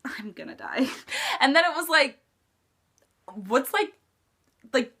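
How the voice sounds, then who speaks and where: Teen girl telling storytime stuff, real high and bright, says like a lot. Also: big pitch swings, slow. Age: teens. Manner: chatty, lots of "like" fillers. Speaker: vlogger. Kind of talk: casual storytime chat.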